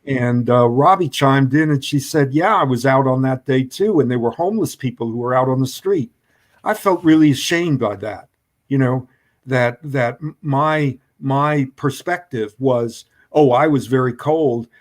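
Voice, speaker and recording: A man speaking as a guest in a discussion, who talks haltingly with many hesitations and restarts. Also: medium pitch. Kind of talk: conversational debate.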